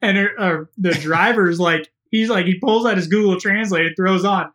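A man, a podcast guest, telling an animated story in casual conversation. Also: sits high, moderate pace. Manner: animated, laughing through a funny story.

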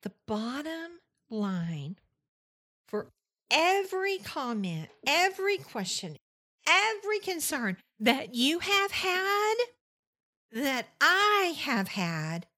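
A woman's voice: high voice, sing-song, slow, bright, forceful tone. A woman with a Southern US accent hosting a faith-based podcast monologue, emphatic and fond of repeating phrases for effect. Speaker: podcast host.

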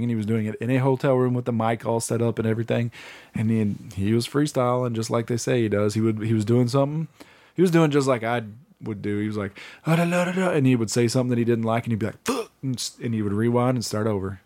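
A man co-hosting a podcast in loose, casual chat. His voice sits mid-pitched. He rambles through stories and swears freely. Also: steady tone, fast, warm tone. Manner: rambling, profane, slips into put-on voices. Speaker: podcast co-host.

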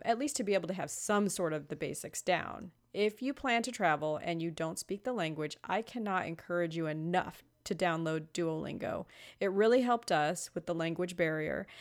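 A woman from Los Angeles co-hosting a podcast, chatting casually, swearing freely and laughing at her own jokes. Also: on the low side. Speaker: podcast co-host. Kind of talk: casual chat.

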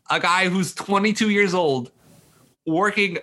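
A man's voice: high-pitched, big pitch swings, moderate pace, pushed and bright. A young man co-hosting a sports podcast, ranting hotly and swearing as he talks. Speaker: podcast co-host. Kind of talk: casual sports podcast chat.

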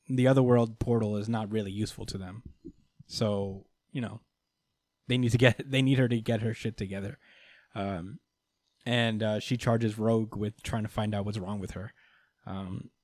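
A man's voice: mid-range voice, a little mellow, no room sound, studio quality. Laid-back man recapping comics, laughing. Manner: laughs often, many fillers, swears freely. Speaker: podcast host. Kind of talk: casual comic book recap.

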